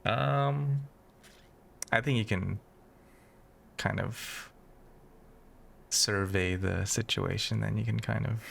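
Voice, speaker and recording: A man's voice: fairly low pitch, steady tone, slow pace, gravelly, pauses often, a bit bright. A young man co-hosting a podcast, chatting casually and rambling a bit, laughing easily. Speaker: podcast co-host. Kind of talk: casual chat.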